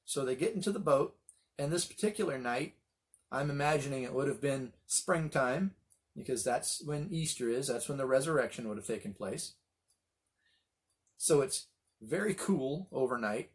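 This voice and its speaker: A middle-aged man leading a Bible study, telling the story with animated voices for the quoted lines. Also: medium pitch, normal speed. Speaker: pastor.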